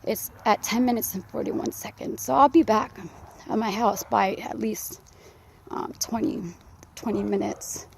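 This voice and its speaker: A woman out of breath, rambling and confessional as she vlogs while walking outdoors in a quiet neighborhood. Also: medium pitch, steady tone, unhurried, gravelly, slight background noise. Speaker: vlogger. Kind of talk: casual vlog while walking. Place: outdoors, quiet residential community. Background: faint dog and insects.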